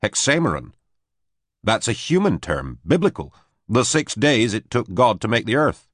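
A man's voice: medium pitch, huge pitch swings, moderate pace, fairly bright tone, no echo, clean studio sound, voice pushed up. A man voicing a tense man in shock, asking urgent questions with his voice raised.

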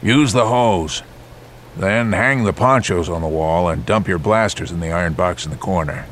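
Man doing a gruff, curt guard. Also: deep voice, normal speed, a bit bright, a little hiss or hum. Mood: commanding.

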